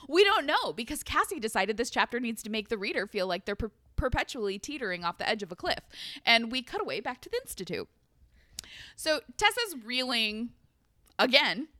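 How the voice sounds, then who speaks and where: A woman's voice: on the high side, sharp tone, no echo. A young woman recapping a book's plot in casual chat, with sarcastic asides and frequent laughter. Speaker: podcast co-host recapping a book.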